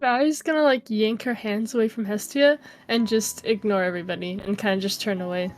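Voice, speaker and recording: A woman's voice: medium pitch, steady tone, a little fast, soft background music. A woman player in an online tabletop game, talking in a blunt, offhand way over a voice call. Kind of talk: casual play.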